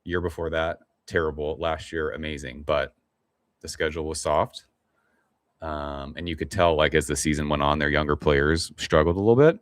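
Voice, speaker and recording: Middle-aged male stream host, very deep and laid-back, rambling and cussing casually. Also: fairly even intonation, normal speed, no room sound. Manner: laid-back, rambling, swears casually, reads chat aloud. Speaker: livestream host. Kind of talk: casual live-stream chat.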